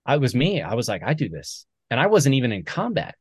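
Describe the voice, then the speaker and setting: A man, a military veteran and author, talking earnestly as a podcast guest, animated when he quotes other people. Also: mid-range voice, fast talker, husky, dry recording. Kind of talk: conversational storytelling.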